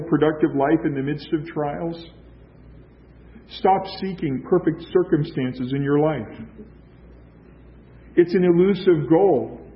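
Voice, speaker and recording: A man preaching a sermon as a pastor, emphatic, with rhetorical questions and repeated phrases. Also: a little high. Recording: dull lo-fi recording.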